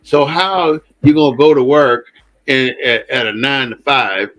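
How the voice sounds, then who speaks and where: A man delivers an impassioned commentary monologue as host. He is blunt and emphatic, hammering his points home through repetition and cursing without holding back. His voice sits at a middle pitch for a man. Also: measured pace, a bit bright, rough recording. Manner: blunt and emphatic, repeats phrases, swears freely.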